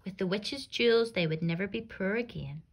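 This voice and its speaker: A woman, a primary school teacher, reading a rhyming fairy tale aloud to young children in an expressive, sing-song way. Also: medium pitch, a little fast.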